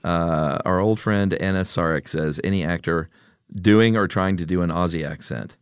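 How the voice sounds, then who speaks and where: A man's voice: low-pitched, moderate pace, smooth, no echo, studio quality. A middle-aged man co-hosting a podcast in casual chat, teasing his partner and laughing easily. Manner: teasing, jokey, laughs often. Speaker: podcast co-host.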